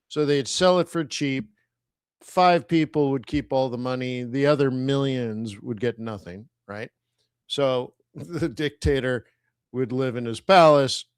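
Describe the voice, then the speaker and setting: A man's voice: mid-range voice, smooth, no echo, clean studio sound. Casual man commenting on a live trading stream. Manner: conversational, rhetorical asides. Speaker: forex trading stream host.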